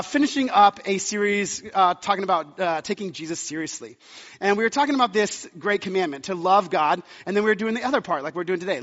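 A man's voice: high-pitched, fairly bright tone, in a large hall, dull audio. A man in his thirties preaching a sermon as pastor, chatty and storytelling with many fillers.

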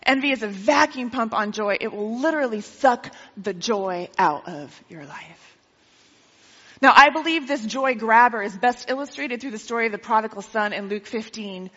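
A woman preacher with a high, bright voice who tells the story in a lively way and keeps asking her listeners questions. The slightly dull recording carries a long reverb from a church sanctuary. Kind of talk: sermon.

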